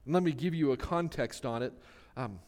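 A male pastor preaching a sermon in an earnest way, slowing down to stress key words. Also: mid-range voice, darkish tone. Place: church sanctuary. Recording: long reverb of a large hall.

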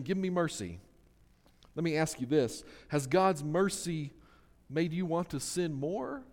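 A male pastor preaching a sermon in an earnest way, slowing down to stress key words. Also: a little high, a little mellow. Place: church sanctuary. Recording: long reverb of a large hall.

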